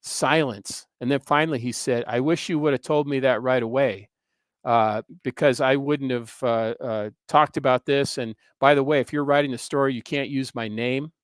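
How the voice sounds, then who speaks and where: A man's voice: mid-range voice, fairly even intonation, normal speed, dry recording. A man in his sixties, a guest on an interview show, telling a personal story in an earnest, rambling way with frequent hesitations. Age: 60s. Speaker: guest, history professor and author.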